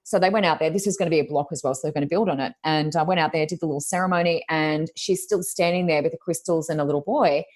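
A woman's voice: sits low, fast, few pauses, a little mellow. An Australian woman, a reader of intuition, chatting casually over a video call and telling a story, acting out the voices of the people in it. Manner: chatty, acts out quoted voices.

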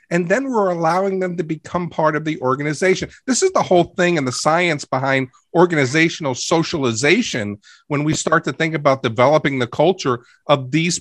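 A man's voice: high voice, a bit bright, no echo, studio quality. Upbeat man hosting a podcast. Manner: upbeat, emphatic, repeats phrases. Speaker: podcast co-host. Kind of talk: casual podcast talk.

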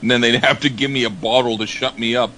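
A man's voice: medium pitch, fairly even intonation, quick pace, pushed and bright, a little hiss or hum, low-quality recording. A man co-hosting a casual album review, joking and stammering with many ums. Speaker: podcast co-host reviewing an album. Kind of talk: casual chat.

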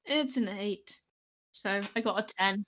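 A woman's voice: mid-range voice, unhurried, a bit bright, a little hiss or hum. A woman playing a tabletop game, playful and giggly, talking in casual bursts. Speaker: player.

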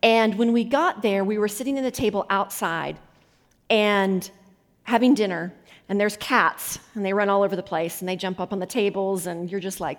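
A woman guest minister telling lively stories from the stage, laughing often and acting out the voices of people she quotes. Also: medium pitch, normal speed. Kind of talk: conference sermon storytelling. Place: conference hall. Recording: long hall reverb.

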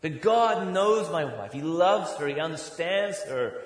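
A man's voice: fairly high pitch, animated, measured pace. Middle-aged male pastor preaching in an echoey hall. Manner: humorous, builds to loud mock outrage. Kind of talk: sermon. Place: church sanctuary. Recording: echoey hall, long reverb.

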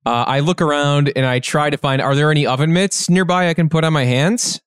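A man's voice: a little high, fairly quick, clear, resonant tone, dry recording, clean studio sound. A man taking part in an improvised comedy podcast scene, hesitant and stammering.

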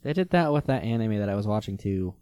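A man's voice: fairly low pitch, expressive, fast talker, warm tone, no room sound. A man co-hosting a podcast in casual chat, answering in brief, matter-of-fact replies. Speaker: podcast co-host.

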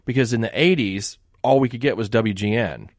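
A man from Miami appearing as a guest on a radio talk show, talking in a quick, agreeable conversational way. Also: mid-range voice, dry recording, clean studio sound. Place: radio studio.

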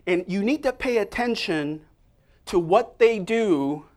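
A man preaching an energetic sermon, prompting listeners to repeat phrases to each other. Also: high voice, slow pace. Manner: energetic, call-and-response prompts to the congregation.

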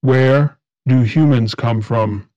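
A cold, dead-eyed alien medium in an audiobook, speaking in a slow, flat, robotic monotone that gives nothing away. The voice carries a robotic filter and a dull, muffled tone, and it sits dry and close. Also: male voice, mid-range voice, no echo. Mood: cold, commanding. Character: tall inhuman blue-tinged medium, cold and robotic.

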